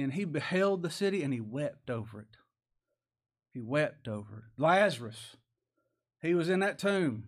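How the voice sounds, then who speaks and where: Folksy male preacher, slightly high voice. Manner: folksy, conversational, rhetorical questions, chuckles. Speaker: pastor. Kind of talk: sermon.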